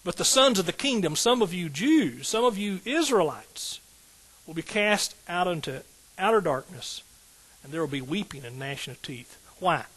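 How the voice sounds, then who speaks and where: Emphatic pastor preaching. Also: male voice, high-pitched, lively intonation, normal speed, a bit bright, breathy edge, poor audio. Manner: emphatic, call-and-response preaching with rising outbursts. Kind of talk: sermon.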